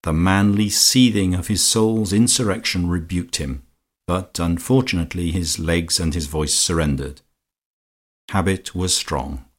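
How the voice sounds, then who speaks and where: A man narrating an audiobook in a measured, steady storytelling manner. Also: sits low. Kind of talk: audiobook reading.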